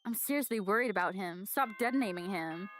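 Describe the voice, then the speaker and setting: A woman reading aloud and commenting excitably on a game playthrough, swearing casually. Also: medium pitch, a little fast. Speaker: let's play streamer.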